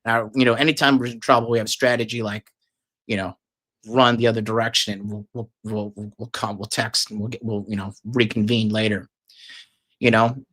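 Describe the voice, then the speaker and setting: Man, casual storyteller, bright tense tone, rambling, crude, lots of fillers. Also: lowish voice, level tone, fairly quick. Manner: profane, rambling, filler-heavy.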